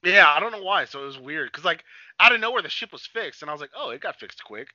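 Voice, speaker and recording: A man with a high voice talks at a quick pace, recorded dry and lo-fi. He's co-hosting a podcast, chatting loosely and casually, swearing freely and telling stories with plenty of energy.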